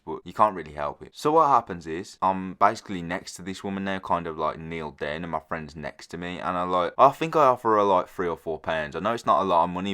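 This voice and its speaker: A young-sounding man narrates a storytime video to his viewers in a relaxed, offhand way. His voice sits low, and he wanders through the tale with plenty of fillers and restarts. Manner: rambling, loose storytelling full of "like" fillers. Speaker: storyteller vlogger.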